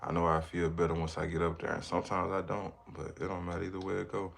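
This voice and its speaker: A man's voice: low voice, completely flat delivery, fast, gravelly. A man, a parent, chatting casually on a livestream, rambling and reacting to viewers' comments. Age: adult with children. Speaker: livestreamer reading chat. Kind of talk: casual live chat.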